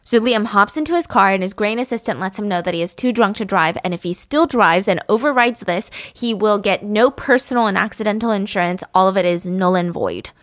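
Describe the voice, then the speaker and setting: A chatty woman host retells a story in a relaxed, animated way with plenty of swearing. Her voice is mid-pitched and dry, close to the mic. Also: fairly quick, few pauses, no room sound. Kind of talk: casual story recap.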